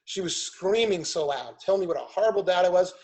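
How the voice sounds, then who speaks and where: A middle-aged man telling a family story on a podcast, emphatic and animated, acting out what people said. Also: sits high, fast talker, rough recording. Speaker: podcast guest, chiropractor and business owner.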